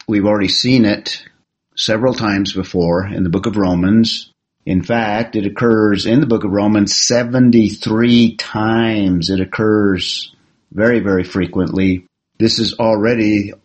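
A man teaching a Bible class, explaining the text and putting questions to his students with halting restarts. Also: on the low side, rough recording. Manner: slow and deliberate, with halting restarts.

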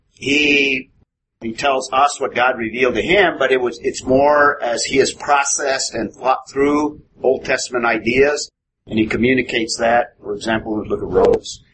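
Man, Bible class teacher, methodical, explanatory, quizzes the room, noisy recording. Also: mid-range voice.

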